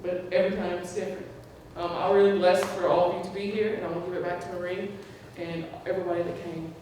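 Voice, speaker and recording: A woman's voice: lowish voice, fast, a little hiss or hum. Woman telling stories at a tribute, does the voices, laughs a lot, far off in a really echoey hall. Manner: animated, acts out quoted voices, laughs often. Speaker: speaker at a memorial tribute. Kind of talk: personal storytelling to a gathering. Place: large hall at a community gathering.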